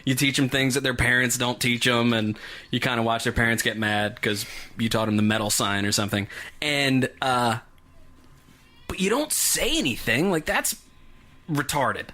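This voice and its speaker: A man co-hosting a casual chat, laid-back and quick to react and laugh. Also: medium pitch, bright, forceful tone. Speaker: co-host.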